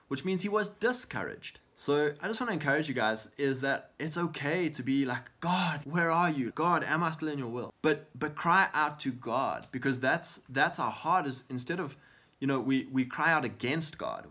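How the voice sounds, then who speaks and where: A man's voice: mid-range voice, bright, forceful tone. A man co-hosting a faith talk show, speaking earnestly and encouragingly, often acting out prayers as quotes. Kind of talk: conversational Christian encouragement.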